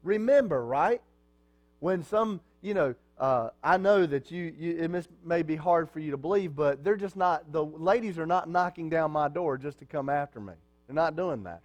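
Pastor guy preaching, fairly high voice, keeps asking the crowd questions then answers them himself. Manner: conversational preaching with rhetorical questions to the congregation. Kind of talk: sermon.

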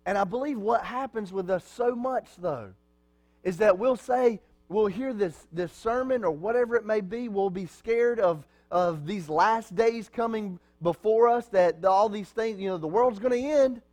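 A man in the pulpit delivers a sermon to his congregation in a fairly high-pitched voice. He talks in a conversational way, tossing out rhetorical questions and answering them himself. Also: unhurried, a little mellow. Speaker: pastor.

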